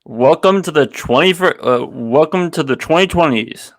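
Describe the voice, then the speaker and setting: A man's voice: fairly high pitch, expressive, normal speed, no echo. A man co-hosting a casual podcast, throwing in jokey interjections and quips. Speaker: podcast co-host.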